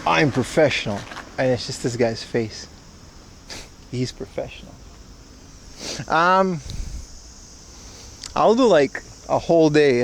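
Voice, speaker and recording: A young man's mid-range voice carries over slight background noise as he livestreams on a walk through town. He chats casually with viewers, joking, wry, and prone to rambling.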